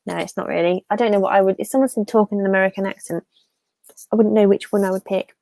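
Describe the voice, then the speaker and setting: A woman's voice: mid-range voice, steady tone, fast, gravelly, warm tone, no room sound. A woman from the Fens in England with an English accent, hosting a live stream and chatting casually, rambling as she reads out viewer comments. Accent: English, Fenland.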